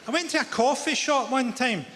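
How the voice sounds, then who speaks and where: High-voiced Glaswegian stand-up, deadpan. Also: male voice, moderate pace. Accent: Glaswegian Scottish. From Glasgow, Scotland. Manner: deadpan, dry one-liners. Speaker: stand-up comedian. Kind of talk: stand-up comedy set. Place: large theatre stage. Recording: reverberant theatre hall with audience noise.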